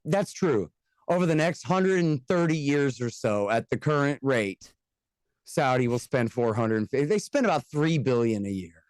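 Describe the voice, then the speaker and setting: A man from the United States, a guest on a casual podcast interview, talking bluntly and sarcastically, with fast rants and mocking quoted voices. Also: mid-range voice, expressive, darkish tone, no room sound. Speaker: guest, antiwar radio host and author.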